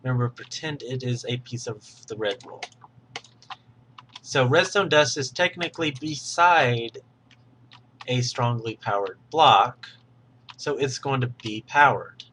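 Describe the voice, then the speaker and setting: A man's voice: mid-range voice, a little slow, long pauses, fairly bright tone, slight background noise. A man patiently explaining game mechanics step by step while recording his screen, sometimes correcting himself mid-sentence. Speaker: tutorial host.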